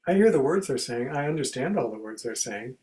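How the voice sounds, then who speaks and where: A man giving a contemplative spiritual talk in a conversational way, acting out everyday examples as quoted speech and going soft and quiet on key phrases. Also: medium pitch, expressive, fairly quick, low-quality recording. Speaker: spiritual teacher and speaker.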